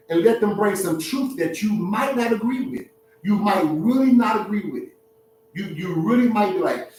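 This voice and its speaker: A man hosting a relationship talk, giving blunt, preachy advice to an audience in an animated, streetwise way, laughing at his own points. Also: high-pitched, very echoey, far from the mic, slight background noise, rough recording.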